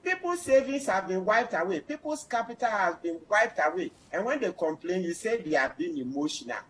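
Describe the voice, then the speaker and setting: A man's voice: high-pitched, very animated, fairly quick, a bit bright, husky, low-quality recording. A man, a panel guest who lectures insistently and talks over others in a heated debate.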